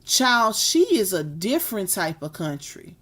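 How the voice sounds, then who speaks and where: A woman's voice: mid-range voice, lively intonation, unhurried, fairly bright tone, slightly rough. A woman, hosting a casual live stream and chatting with her viewers, laughing often. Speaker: live stream host reading chat.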